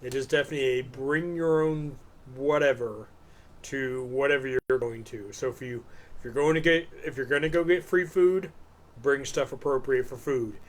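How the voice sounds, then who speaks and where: A man's voice: mid-range voice, moderate pace. A man co-hosting a live stream show, telling a rambling story in a casual, profane way. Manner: loose, profane, animated storytelling. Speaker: podcast co-host.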